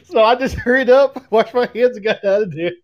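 A man's voice: high voice, fairly quick. A man chatting casually, telling funny stories and laughing along. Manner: laughing, storytelling. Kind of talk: casual chat. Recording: dull lo-fi audio.

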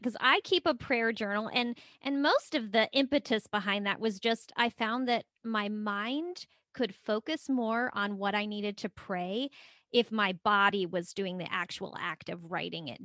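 A woman's voice: medium pitch, fairly bright tone, no room sound. Woman podcast host, dry close sound. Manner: friendly, asks open questions. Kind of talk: casual interview chat.

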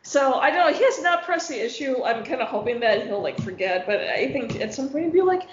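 A woman's voice: high voice, animated, fairly quick, a little hiss or hum. Young woman rambling through a story w/ her friends, fillers everywhere, echoey dull sound. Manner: chatty storyteller, full of fillers and laughs. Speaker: podcast co-host. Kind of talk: casual chat among friends.

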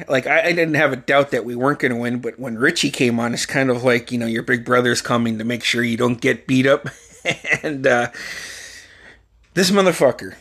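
A man's voice: mid-range voice, moderate pace, fairly bright tone, slightly rough. A man in his forties hosting a podcast, telling a story in a loose, profane, rambling way and laughing along. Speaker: podcast host. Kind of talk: casual storytelling.

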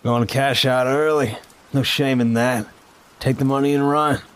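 A man voicing a smug, prying, high-ranking older official. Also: fairly even intonation, normal speed, clear, resonant tone, lightly acted.

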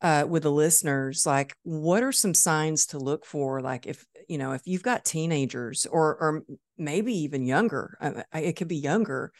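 A middle-aged woman hosting a podcast interview, asking gentle, probing questions. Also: sits low, moderate pace, hardly any pauses. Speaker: podcast host. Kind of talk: conversational interview.

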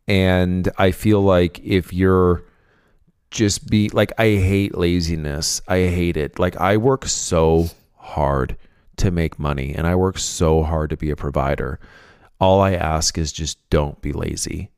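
A man's voice: low-pitched, steady tone, takes it slowly, darkish tone, smooth, no room sound, studio quality. A man co-hosting a podcast, talking in a rambling, affectionate way in casual chat. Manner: rambling and affectionate, many fillers and restarts. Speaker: podcast co-host.

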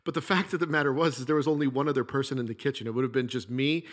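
A man's voice: medium pitch, very fast. A middle-aged man and former chef hosting a podcast, talking through a casual monologue in a plainspoken storytelling way with the odd mild curse.

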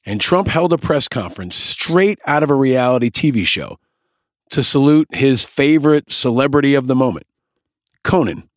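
A man's voice: medium pitch, sing-song, normal speed, dry recording, studio quality. A man hosting a podcast, delivering scripted, sarcastic and pointed political commentary. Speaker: podcast host.

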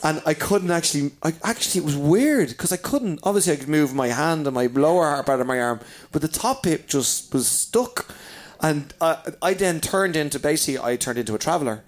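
An Irish man with a voice pitched a little high, spinning a rowdy anecdote in casual conversation. He swears freely and keeps laughing through his own stories. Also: lively intonation, brisk. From Ireland. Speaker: comedian guest.

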